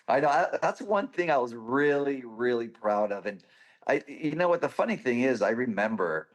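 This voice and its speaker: A man's voice: medium pitch, sing-song, moderate pace. A man, a guest on a podcast, telling stories about designing parts in an eager, anecdotal way. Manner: enthusiastic, anecdotal storytelling. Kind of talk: casual podcast interview.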